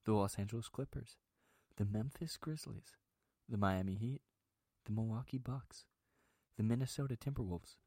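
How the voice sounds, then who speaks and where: A man voicing a calm male public-radio announcer, speaking softly and slowly in a soothing way. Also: mid-range voice, no echo. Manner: soft, slow, soothing delivery.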